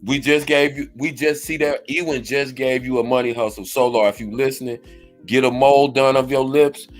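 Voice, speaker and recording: Older male co-host, mid-pitched, slangy and laid-back, faint music under him. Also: fairly even intonation, moderate pace. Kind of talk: casual reaction chat.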